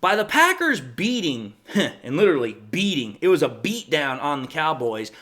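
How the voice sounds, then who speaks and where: Lively talkative male sports host. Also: fairly high pitch, moderate pace. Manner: folksy, talkative, says y'all and folks. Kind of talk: casual sports commentary monologue.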